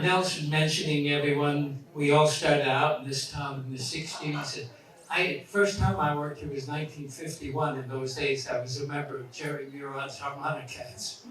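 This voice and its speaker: A man's voice: fairly high pitch, fairly even intonation, measured pace. A man in his eighties giving a reminiscing speech at a memorial, rambling with asides. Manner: warm-hearted rambling with asides. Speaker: speaker at a memorial. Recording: echoey hall, far from mic, crowd.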